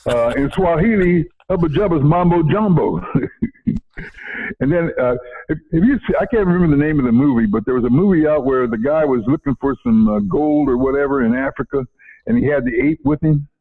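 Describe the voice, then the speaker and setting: A man's voice: fairly high pitch, lively intonation, fairly quick. An older man, a retired educator telling stories in an interview, repeating himself and chuckling. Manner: rambling, repeats words, chuckles often. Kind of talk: casual interview storytelling. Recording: phone-like narrow audio.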